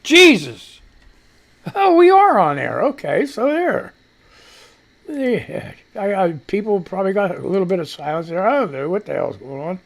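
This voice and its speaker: A man's voice: high voice, big pitch swings, normal speed, gravelly. A man hosting a casual live radio talk show, rambling and swearing freely, congested and wheezing with a cough. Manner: rambling, profane, laid-back.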